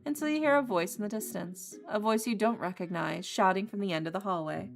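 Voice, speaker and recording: A woman's voice: mid-range voice, fairly quick, creaky, hardly any pauses, faint music behind. A woman streamer reading a visual novel game aloud in a casual, playful way. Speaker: gaming streamer.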